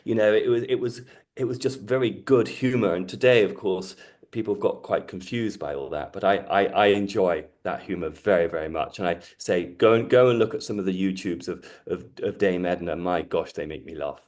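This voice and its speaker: A man's voice: low-pitched, fairly quick, a little mellow. A man from Britain, an astrologer talking in an earnest, reflective, teaching way. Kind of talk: casual conversation.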